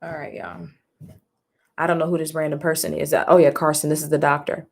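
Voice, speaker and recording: A woman with a fairly low, brisk voice and little pitch movement reads a comic live for her stream and reacts as she goes. She exclaims, swears freely, addresses her viewers directly, and voices the characters' lines between her own comments in this casual reading.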